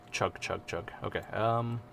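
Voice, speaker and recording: Gravelly English man, rambling streamer. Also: fairly low pitch, slight background noise. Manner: rambling, swears often, self-mocking. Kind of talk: casual live-stream chat.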